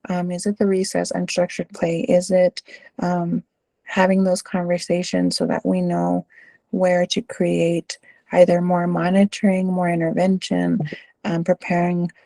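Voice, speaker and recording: A woman's voice: lowish voice, completely flat delivery, unhurried, vocal fry, warm tone, no room sound. A middle-aged woman with a Texan accent, a school administrator answering interview questions in a casual storytelling way, with lots of fillers and "right?" tags.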